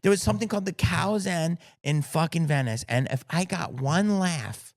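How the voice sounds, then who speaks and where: A man's voice: fairly high pitch, moderate pace, dry recording. A middle-aged man sits as a podcast guest, spinning stories with swearing and big swings of energy. His voice sounds close and dry, with no room around it. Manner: profane, animated storyteller. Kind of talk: casual storytelling interview.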